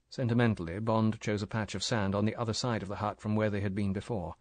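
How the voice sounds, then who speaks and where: A man delivers scripted audiobook narration in a measured, even way. His voice is fairly low, and the recording is dry.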